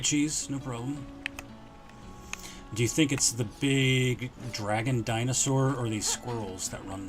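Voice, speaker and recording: Chatty, excitable gaming streamer man. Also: medium pitch. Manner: excitable, chatty, talks to viewers. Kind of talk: casual gameplay commentary. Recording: game music behind a live stream.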